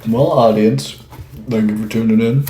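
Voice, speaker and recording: A young man co-hosting a casual podcast chat, relaxed and dry in his remarks. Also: fairly low pitch, normal speed. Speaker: podcast co-host. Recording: roomy echo.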